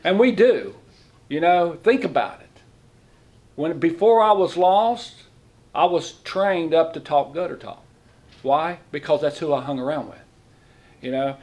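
Middle-aged man, lay preacher, folksy sermon delivery, slightly high voice, keeps asking the congregation questions. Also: expressive, measured pace, pauses often, a little mellow. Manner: folksy, asks the room questions; speaks in plain, informal grammar. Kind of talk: conversational sermon.

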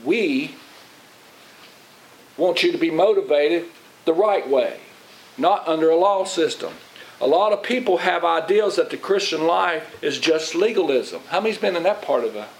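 A man's voice: on the high side, lively intonation, moderate pace, low-quality recording. A middle-aged man, a pastor preaching in a folksy, rambling way and asking his congregation questions. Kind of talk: sermon. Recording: faint hiss.

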